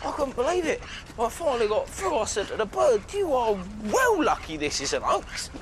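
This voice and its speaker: A man's voice: very high-pitched, huge pitch swings, moderate pace, full character voice. An actor playing a brash young lad and new dad in a comedy sketch, bragging and laughing at his own jokes. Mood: boastful. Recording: noisy sketch show audio.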